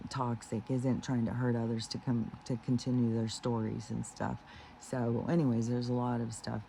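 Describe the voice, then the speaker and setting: Rambling, mellow-voiced man musing on spirituality. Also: mid-range voice, a little hiss or hum, low-quality recording. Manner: meandering, heavy with fillers and restarts; earnest, slows down on key phrases. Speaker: spiritual vlogger.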